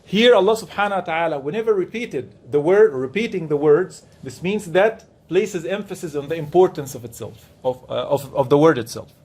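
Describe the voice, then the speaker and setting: A man's voice: fairly high pitch, animated, fairly quick, few pauses, a little mellow, slightly rough. A man, a professor giving a classroom lecture who explains by asking the class questions and repeating key words. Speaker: professor teaching Quran commentary. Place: classroom with students.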